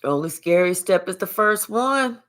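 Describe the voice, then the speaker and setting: A woman talking casually to camera as a tarot reader, swearing freely and leaning hard on drawn-out phrases. Her voice sits at an ordinary middle pitch, and her delivery swings between loud bursts and murmured asides. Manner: profane, animated, drawn-out emphatic phrases. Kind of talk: casual spiritual reading to camera.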